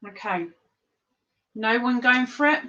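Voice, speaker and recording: A woman's voice: fairly high pitch, animated, measured pace, sharp tone, muffled recording. Chatty woman hosting a stream game. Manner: chatty, talks with her mouth full while eating. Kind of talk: casual live-stream chat.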